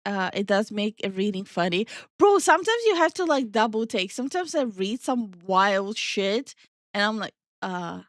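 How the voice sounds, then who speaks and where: A woman's voice: medium pitch, no room sound, clean studio sound. A young woman streaming live, chatting casually with her viewers and reading their messages aloud. She is playful, laughs often and swears offhandedly. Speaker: streamer and VTuber host.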